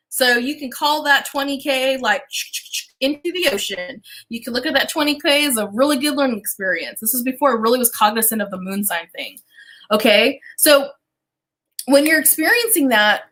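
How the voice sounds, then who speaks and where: High, bright-voiced woman livestream host. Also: low-quality recording. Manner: chatty and animated, casual swearing, addresses viewers directly. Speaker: business coach and astrologer hosting a livestream. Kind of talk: casual livestream chat.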